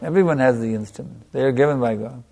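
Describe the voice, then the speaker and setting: A man giving a sermon as a spiritual teacher, stressing points by repetition and letting a soft "you see" trail off after them. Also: mid-range voice, quick pace, gravelly. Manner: emphatic, repeating phrases for stress.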